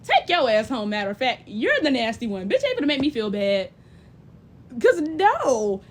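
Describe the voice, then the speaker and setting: A young woman giving blunt, profane, big-sister advice in casual chat, animated and often mimicking other people's voices. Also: on the high side, normal speed. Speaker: livestream host.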